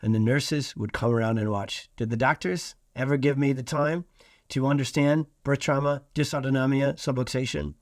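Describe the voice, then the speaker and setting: A man's voice: medium pitch, steady tone, normal speed, dry recording, clean studio sound. A man from Iowa hosting a solo podcast, talking earnestly and stressing points by repeating phrases. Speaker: podcast host.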